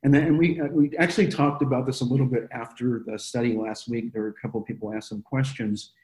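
A man's voice: medium pitch, steady tone, fast talker, darkish tone. A man leading a Bible study in an earnest, conversational way, stopping and restarting often as he explains. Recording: roomy echo.

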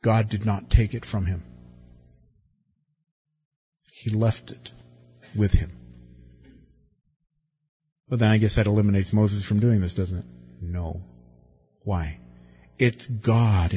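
A man's voice: on the low side, fairly even intonation, slow pace, long pauses, mellow, slightly rough, highs cut off, faint music behind. A man preaching a sermon in a conversational way, asking his listeners rhetorical questions and stressing words. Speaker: pastor.

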